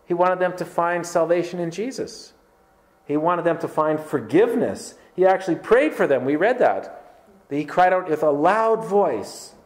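Emphatic preacher, higher-pitched man. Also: expressive, moderate pace. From Canada. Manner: emphatic, rhetorical questions to the congregation; conversational with filler words. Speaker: pastor. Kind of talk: sermon.

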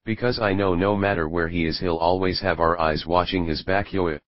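A man's voice: deep voice, fairly even intonation, normal speed, no room sound, highs cut off, natural voice. A man reading the simple, assured lines of an easygoing older male pirate in a storybook reading.

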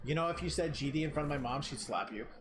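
A young adult game streamer chatting casually and excitably from home, thanking viewers by name. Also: medium pitch, quick pace. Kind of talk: casual live-stream chat. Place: home room. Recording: keyboard typing noise behind.

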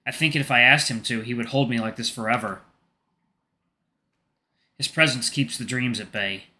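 Brief: male let's-play reader, mid pitch, very bright tone, calm with casual asides. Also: normal speed. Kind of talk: reading a visual novel aloud.

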